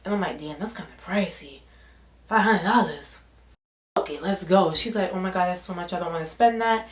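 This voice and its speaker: A woman's voice: on the low side, brisk, roomy sound. A young woman vlogger telling a story in casual slang, acting out what people said. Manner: animated, slangy, acts out quotes in voices. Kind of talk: storytime vlog.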